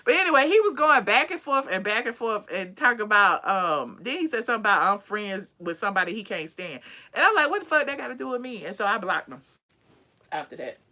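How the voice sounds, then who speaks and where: A woman hosting a casual live chat with callers, sassy and quick to laugh. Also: medium pitch, very animated, sharp tone. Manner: sassy, laughs often, drawn-out "child". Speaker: channel host.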